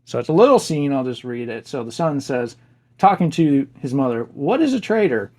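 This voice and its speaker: A man's voice: mid-range voice, animated, brisk, a little mellow, no echo, studio quality. A man casually reviewing a book he loved, enthusiastic and chatty, laughing easily.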